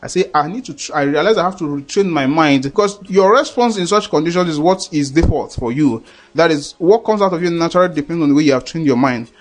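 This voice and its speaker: A man's voice: a little high, lively intonation, fast. A man preaching a sermon in an earnest, repetitive way, often checking that listeners understand.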